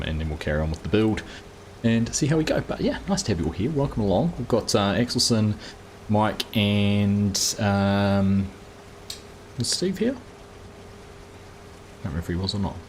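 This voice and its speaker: Low-voiced New man streaming games. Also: normal speed, slight background noise. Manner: chatty, greets viewers by name, relaxed. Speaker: streamer, host of a live farming game stream. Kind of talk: casual live-stream commentary while playing.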